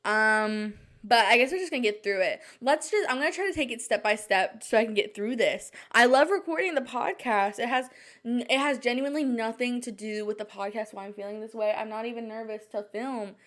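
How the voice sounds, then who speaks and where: A young woman with a slightly high, somewhat bright voice hosts a podcast, chatting solo and casually from home at night. She speaks a little fast, rambling and flustered, anxious and shaken, filling her talk with "like" and frequent restarts.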